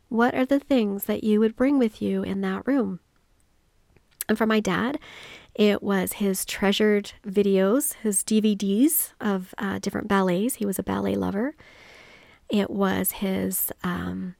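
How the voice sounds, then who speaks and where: A woman's voice: medium pitch, creaky, a little mellow, no echo, clean studio sound. A woman hosting a solo motivational podcast, telling a personal story in an earnest, reflective way. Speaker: podcast host.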